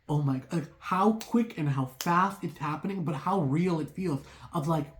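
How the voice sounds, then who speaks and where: A tarot reader talking casually to viewers. They ramble excitably, fill sentences with "like" and break off into apologetic asides. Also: medium pitch, normal speed, slight background noise. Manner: rambling, heavy use of "like"; excitable, talks through racing thoughts.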